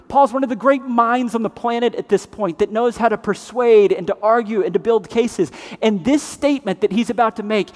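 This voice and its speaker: A man preaching a sermon as pastor, swinging between loud emphatic passages and hushed, grave ones. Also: high-pitched. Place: church sanctuary. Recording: long reverb of a large hall.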